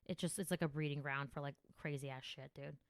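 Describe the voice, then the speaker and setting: Woman comic from Jersey, lowish voice, dry close mic, rambling and profane. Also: quick pace, no room sound. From New Jersey. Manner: profane, rambling, animated storytelling. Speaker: comedian podcast host. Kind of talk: casual podcast chat.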